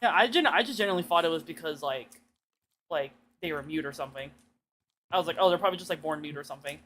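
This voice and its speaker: A woman's voice: sits low, fast talker, fairly bright tone, slight background noise. A woman streaming a game, chatting casually in a rambling way, with plenty of fillers, curses and laughter. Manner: rambling, swearing, laughs often, lots of "like".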